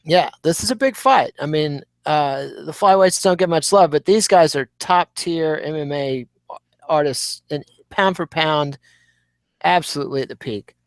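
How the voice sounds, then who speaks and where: A man co-hosting a podcast. He talks in a measured, wry, analytical way. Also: on the high side, dry recording. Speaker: podcast co-host. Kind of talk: casual chat.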